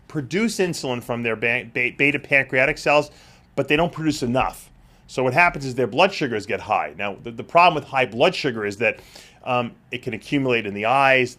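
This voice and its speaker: A man's voice: medium pitch, a bit bright. A man hosting a live question-and-answer show, talking casually with frequent fillers and restarts as he explains. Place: studio.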